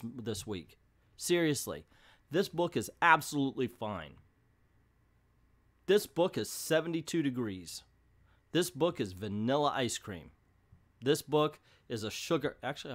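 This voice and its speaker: A middle-aged man hosting a casual comic book review, rambling and hesitant with bursts of exasperated, joking complaint. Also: mid-range voice. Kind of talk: casual video review monologue.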